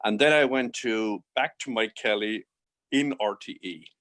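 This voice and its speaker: An older Irish man, a guest on a casual interview show, telling stories in a lively way, acting out what people said and chuckling often. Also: lowish voice, unhurried. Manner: lively anecdotal, acts out quoted dialogue, chuckles often.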